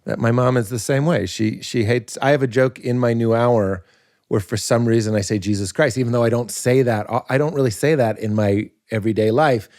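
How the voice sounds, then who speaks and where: A man, a comedian and podcast guest, talking casually in an animated, riffing way and laughing at his own points. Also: mid-range voice, brisk.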